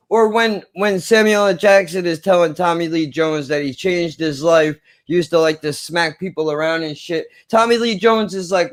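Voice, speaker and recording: A man's voice: a little high, moderate pace, few pauses. A man co-hosting a casual film review, talking in an earnest, impassioned way and swearing for emphasis.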